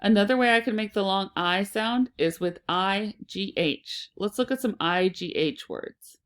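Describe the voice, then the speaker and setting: A woman teaching a phonics lesson to children, sounding out and repeating words slowly and deliberately. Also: medium pitch.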